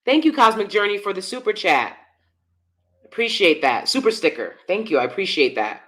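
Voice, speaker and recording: Blunt, bright-voiced woman streamer. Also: mid-range voice, big pitch swings, normal speed. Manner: blunt, emphatic, repeats herself. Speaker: commentary channel host. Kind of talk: live-stream commentary.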